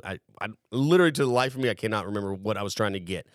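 A man's voice: on the low side, very fast, hardly any pauses, no echo, studio quality. Profane, rambling male storyteller. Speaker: podcast host. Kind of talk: casual storytelling.

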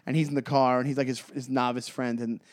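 A man's voice: medium pitch, flat delivery, fast. A man co-hosting a podcast in casual chat, joking and retelling movie scenes. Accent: New York. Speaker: podcast co-host.

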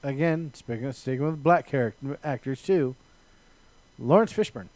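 A man's voice: medium pitch, moderate pace, a little mellow, no room sound. A man co-hosting a podcast, blunt and teasing as he argues in casual banter. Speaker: podcast co-host.

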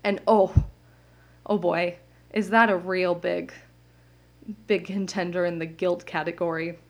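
A young woman hosting her own podcast, talking candidly and at length, full of "like" fillers and quick laughs. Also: lowish voice, flat delivery. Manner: candid, rambling, many "like" fillers, laughs often. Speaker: podcast host. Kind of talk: casual solo podcast monologue. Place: home, indoors.

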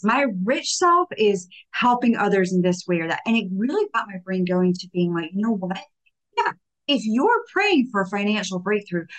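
A young adult woman hosting a faith-based motivational talk, chatty and informal, full of "like" fillers and acted-out bits of dialogue. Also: medium pitch. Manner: conversational, many "like" fillers, acts out little dialogues. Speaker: podcast host.

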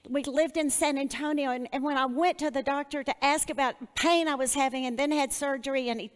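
A woman's voice: sits high, smooth, long reverb tail. A woman giving devotional Bible teaching in an earnest, personal way. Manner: earnest, personal, with a shared testimony.

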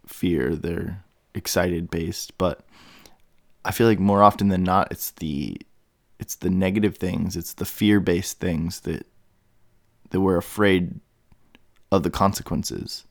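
Deep gravelly guy rambling thru his thoughts on his podcast, dry close mic. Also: fairly even intonation, takes it slowly, no echo. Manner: musing, meandering, full of fillers and restarts. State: has the hiccups. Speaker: podcast host. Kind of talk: rambling solo podcast monologue.

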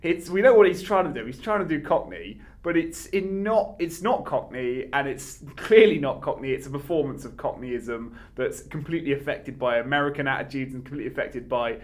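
A man co-hosting a podcast, talking through a film in an animated, argumentative way with frequent restarts. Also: mid-range voice, brisk, few pauses. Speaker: podcast co-host. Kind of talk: casual film discussion.

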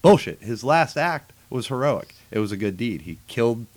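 A man talking casually with friends, opinionated and animated, swearing freely. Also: medium pitch, normal speed. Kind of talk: casual chat.

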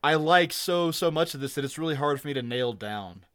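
A man co-hosting a relaxed podcast with a voice a touch higher than most. He rambles from tangent to tangent with excitement, swearing freely and laughing along the way. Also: fairly quick, no room sound, clean studio sound. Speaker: podcast co-host. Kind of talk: casual podcast chat.

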